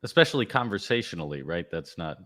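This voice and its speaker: A man hosting a casual chat over a video call, upbeat and quick to laugh. His pitch swings lively up and down. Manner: upbeat, laughs readily, short agreeing replies.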